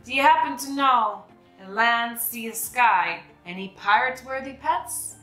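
A woman's voice: fairly high pitch, unhurried. A woman doing a blustery pirate captain. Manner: salty pirate talk. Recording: echoey room, soft music behind.

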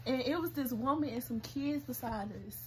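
A young woman co-hosting a casual storytime, animated, laughing often and acting out other people's lines. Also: high-pitched, moderate pace, background noise. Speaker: co-host telling a couple's story.

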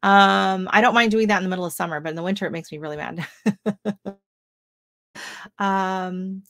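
A woman's voice: mid-range voice, normal speed, a bit bright, no room sound, studio quality. Chatty woman hosting a gardening livestream. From Oregon, US West Coast. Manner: chatty, lots of ums and restarts, exclaims often. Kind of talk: casual live-stream chat reading viewer comments.

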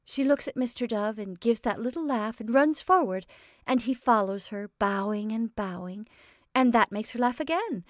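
A woman's voice: fairly high pitch, lively intonation, dry recording, clean studio sound, lightly acted. A woman voicing a playful, impulsive young woman who bubbles over with laughter. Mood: cheerful. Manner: bright, bubbly, quick to laugh.

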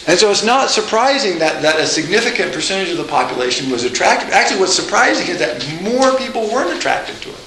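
A man lecturing a college class live, lively and joking, with asides and frequent restarts. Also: high-pitched, fast, hardly any pauses. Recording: echoey lecture room.

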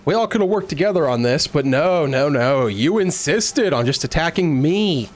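A man giving let's play commentary, exasperated and shouting at enemies on screen. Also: a little high, lively intonation, moderate pace, slight background noise. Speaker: gaming video host. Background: game music.

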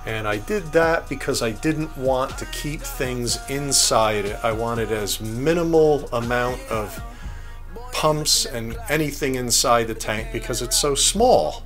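A man's voice: mid-range voice, slow pace, a bit bright. Guy from jersey talking reef tanks to his viewers, chatty and easygoing, faint music under it. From New Jersey. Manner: chatty, talks straight to viewers as "guys". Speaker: reef tank hobby video host. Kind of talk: casual chat answering viewer questions. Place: home reef tank studio, indoors.

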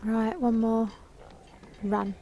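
A woman's voice: a little high, level tone, drawn-out words, mellow, slight background noise. A young woman commentating a horror game as she plays, frantically urging her character on, swearing, and muttering to herself. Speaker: gaming video host.

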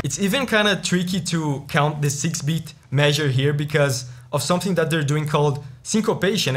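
Guy reacting to game soundtrack, kinda high voice, explains music theory, music loud behind him. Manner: explains music theory, counts beats aloud. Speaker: music reaction video host. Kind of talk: casual music commentary. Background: game music playing.

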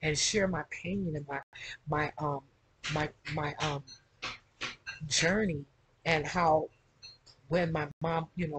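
A woman's voice: on the low side, slight background noise, low-quality recording. A middle-aged woman chatting casually to her camera at home, rambling and tagging nearly every phrase with "okay?". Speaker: vlogger.

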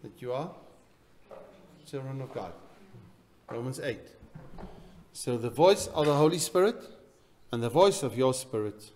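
A man preaching a sermon in a church, swinging between loud emphatic bursts and quiet, intense passages. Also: medium pitch, animated, unhurried, pauses often. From South Africa. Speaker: pastor.

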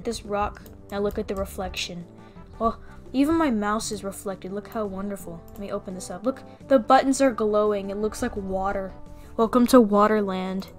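A young woman giving casual, playful commentary as she plays a game, excitable and full of gasps and mock panic. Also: mid-range voice. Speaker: gaming video creator.

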